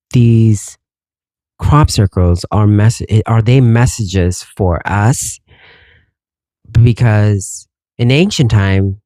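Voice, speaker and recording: Mellow-voiced man rambling through a story. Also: lowish voice, dry recording. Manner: rambling, swears freely, wondering aloud. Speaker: podcast host. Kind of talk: casual podcast storytelling.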